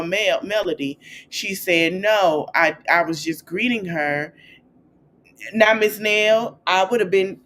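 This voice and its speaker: A woman hosting a podcast, recapping celebrity gossip in a chatty, animated way and acting out quotes in a high, playful voice. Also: slight background noise. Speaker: podcast host.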